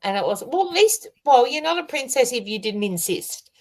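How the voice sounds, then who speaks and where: A woman's voice: on the high side, big pitch swings, normal speed, a little mellow. An Australian woman co-hosting a casual online chat, laughing often and reading out viewer comments. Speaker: co-host.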